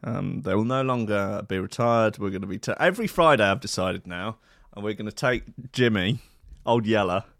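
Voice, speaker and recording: A man hosting a radio show alone, rambling in a sardonic, sweary way, swinging from loud asides to mutters. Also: on the low side, normal speed, gravelly, no room sound, clean studio sound. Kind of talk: rambling solo radio banter.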